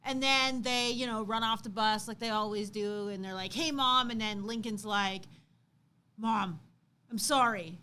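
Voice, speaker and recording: A woman in her thirties co-hosting a livestream, chatting casually and telling an animated story, acting out quotes loudly. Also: mid-range voice, a little slow, clear, resonant tone. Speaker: co-host.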